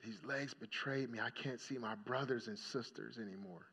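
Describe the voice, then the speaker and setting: A man voicing a grieving former missionary in a wheelchair during a sermon story, quietly and low. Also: moderate pace, breathy edge. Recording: dull lo-fi recording.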